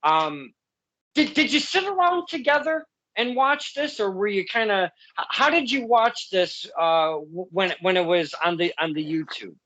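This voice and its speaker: Effusive high-voiced man hosting. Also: expressive, moderate pace, pushed and bright, dull audio. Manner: effusive, heartfelt, rambling with restarts. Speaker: podcast host. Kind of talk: casual interview.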